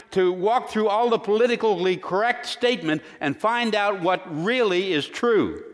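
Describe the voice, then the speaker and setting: A man's voice: high-pitched, a bit bright, long reverb tail. A man, a pastor, preaching a sermon in a folksy way and telling jokes as he goes.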